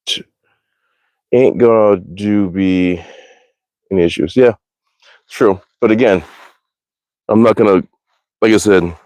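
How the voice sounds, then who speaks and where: Rambling, profane man with a lowish voice. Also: darkish tone, no echo. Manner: rambling, profane, self-correcting. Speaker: archery live-streamer. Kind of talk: casual live-stream chat. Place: backyard outdoors.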